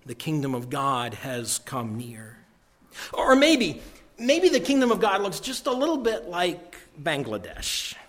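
Male pastor, sermon delivery, slightly raised pitch, emphatic with loud-to-hushed swings and repeated phrases. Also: huge pitch swings, unhurried.

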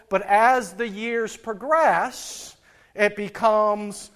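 A man's voice: sits high, takes it slowly, a bit bright. A middle-aged man, a pastor, preaching a sermon in a folksy, storytelling way and chuckling at his own anecdotes.

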